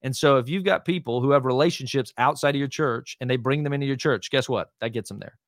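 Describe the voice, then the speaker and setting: This clip has a mid-range male voice in clean studio sound with a dry recording. He's a lead pastor chatting casually as a podcast guest, teaching with emphasis through frequent "right?" and "hear me," plenty of fillers and restarts, and quick asides.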